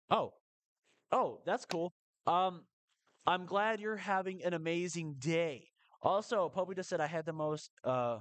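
Man, live gameplay commentary, excitable, rapid repeated protests, slightly high voice, dry close sound. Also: no room sound. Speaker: live streamer.

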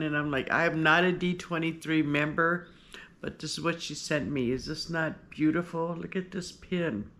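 A woman's voice: deep voice, fairly even intonation, normal speed, background noise. A woman vlogger chatting casually as she unboxes gifts, gushing and rambling with lots of fillers.

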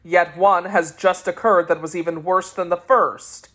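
A woman voicing a male prince who questions his sorcerer in a measured, probing way in a storybook reading. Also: lowish voice, steady tone, a bit bright. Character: grave, questioning male prince of a glass land.

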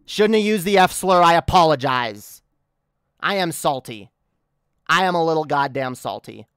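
A woman's voice: low voice, expressive, normal speed, clear, resonant tone, no room sound, studio quality. A woman livestreaming an angry rant, annoyed and swearing a lot, often stammering and restarting her sentences. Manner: profane, heated, stammering restarts.

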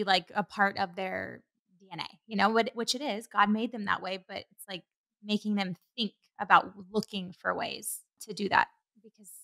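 A woman hosts a faith-centered podcast interview in a casual, affirming way. Her voice is bright and forceful, with a creaky, gravelly texture, and she encourages her guest as they talk. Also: medium pitch. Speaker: podcast host.

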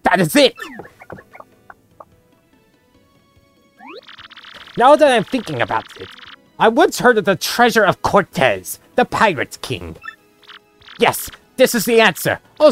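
A woman's voice: medium pitch, wildly swooping pitch, moderate pace. Brief: woman voicing a grandiose male merchant, over-the-top fake-Italian flair, faint music behind. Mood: excited. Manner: theatrical fake-Italian phrasing, grand boasts. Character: pompous rich male merchant, dramatic and greedy. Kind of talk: voicing game dialogue aloud.

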